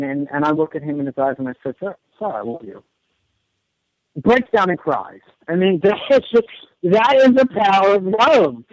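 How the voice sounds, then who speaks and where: Man, radio guest, earnest, rambling, stumbles and repeats words, fairly high voice, dry dull recording. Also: dry recording. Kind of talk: casual radio interview.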